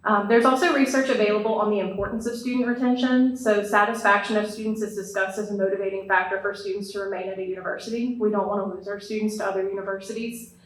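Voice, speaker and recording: A woman's voice: mid-range voice, level tone, fast talker, hardly any pauses, slight background noise. A woman who teaches counselor education, giving an earnest, explanatory academic presentation to an audience, with a touch of dry humor. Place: lecture room with an audience. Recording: echoey room, voice from a distance.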